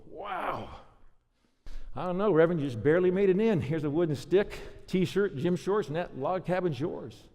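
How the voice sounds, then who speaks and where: A genial, folksy Saint Peter welcoming new arrivals at the gates of heaven, as a male speaker puts him on for a joke. The voice sits a little high for a man and rings out with a long hall reverb. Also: lively intonation, moderate pace, a little mellow. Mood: teasing.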